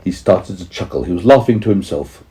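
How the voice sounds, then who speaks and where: A man reads a bedtime story to a small child in a deep, mellow voice. He goes slowly and patiently. His pitch rises and falls expressively as he pauses to explain words. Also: lively intonation. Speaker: parent reading to his child.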